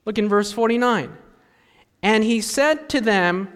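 Male pastor, high voice, slow deliberate sermon delivery with acted-out voices, reverberant hall. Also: smooth. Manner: animated storytelling, acts out parents' voices.

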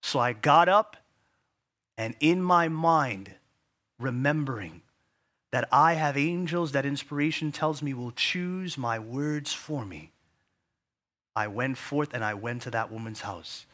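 A male pastor preaching a sermon, telling a personal story vividly and dropping to hushed tones for emphasis. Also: mid-range voice, takes it slowly.

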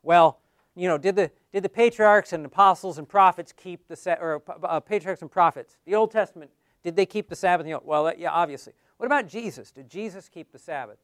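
A man's voice: high voice, brisk, a bit bright, no echo, clean studio sound. A man teaching a class on how to give Bible studies, in a conversational way that keeps asking the class questions.

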